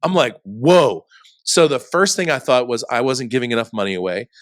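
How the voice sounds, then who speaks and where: A middle-aged man, a podcast guest, telling a personal story in a casual, animated way, full of "like" and "dude". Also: mid-range voice, fast talker, no room sound, clean studio sound. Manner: animated, chatty, says "dude" and "like" often.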